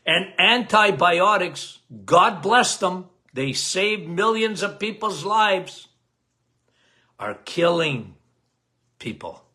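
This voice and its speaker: Loud, emphatic man, bright voice. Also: very animated, slow pace. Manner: loud, emphatic, cannot lower his volume; repeats key phrases, addresses listeners as guys. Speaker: health podcast host. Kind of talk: casual health talk to listeners.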